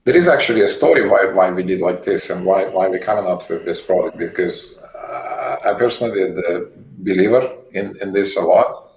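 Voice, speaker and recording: A man, a company CEO guest, answering interview questions in a halting way, often repeating words while he searches for phrasing. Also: deep voice, creaky, darkish tone. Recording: echoey room with faint noise.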